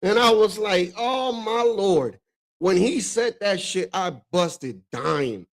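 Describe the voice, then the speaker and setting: A man from the Dominican Republic hosts a casual stream, reacting to clips. His voice sits a bit high for a man, and he talks loosely and excitably, swearing freely and breaking into laughter. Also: slow pace, gravelly. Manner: profane, excitable, laughs often.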